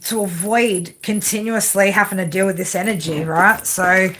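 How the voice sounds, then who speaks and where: A woman reads tarot cards live, in a loose, rambling way. She keeps stopping to check in with tag questions and fills the gaps with fillers. Her voice sits at a middling pitch, with a faint noise in the background. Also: steady tone, moderate pace, a bit bright. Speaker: tarot reader.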